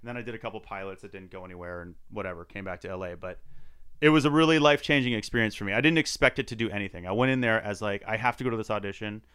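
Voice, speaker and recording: A man's voice: on the low side, lively intonation, rapid-fire, fairly bright tone, smooth. A middle-aged man telling a story in casual podcast chat, acting out the people he quotes. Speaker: podcast guest.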